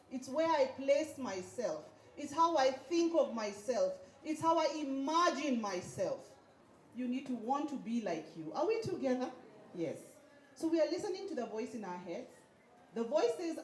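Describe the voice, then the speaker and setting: A woman with a high-sitting voice and darkish tone leads a graduation crowd in call-and-response chants during her motivational speech. The recording comes from an echoey event hall and carries slight background noise.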